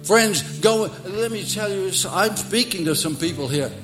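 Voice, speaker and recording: A man preaching a sermon as pastor at a church service, swinging from loud declarations to soft, hushed lines. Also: high-pitched, expressive, a little slow, over music.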